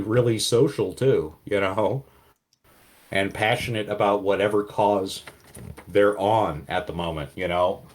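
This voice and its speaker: A man's voice: lowish voice, a little mellow. A man narrating as game master, in vivid, casual storytelling with many fillers.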